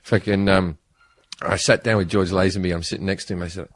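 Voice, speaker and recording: A man with an Australian accent telling profane, animated stories in casual podcast chat. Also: low voice, fairly quick. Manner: profane, laughing, animated storyteller. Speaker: comedian guest.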